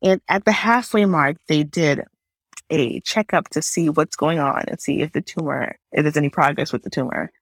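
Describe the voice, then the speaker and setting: A woman's voice: deep voice, normal speed, no echo. Young woman telling her story on a podcast, earnest and emotional, dry close sound. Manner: earnest, emotional, conversational with fillers. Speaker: podcast host. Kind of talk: personal testimony, casual storytelling.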